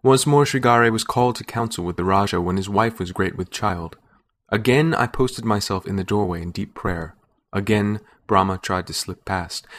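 Low-voiced male story narrator. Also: a bit bright. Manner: measured first-person storytelling. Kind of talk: scripted narration.

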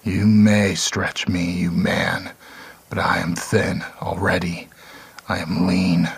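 A hungry wolf beast that lives inside a man's head, as a male narrator puts it on. It growls low and very slowly and sinks into a husky whisper. The voice is menacing and patient. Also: flat delivery, exaggerated voice.

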